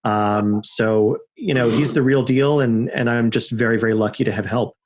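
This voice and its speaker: Animated middle-aged man telling stories. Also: mid-range voice, normal speed, slight background noise. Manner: animated, acts out shouted quotes in his stories. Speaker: podcast guest, car owner. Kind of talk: casual storytelling.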